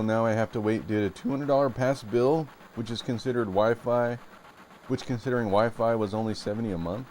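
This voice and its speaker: A man streaming a retro game live, chatting casually with his viewers in a relaxed way and laughing easily. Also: mid-range voice, slight background noise. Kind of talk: casual live-stream chat while playing.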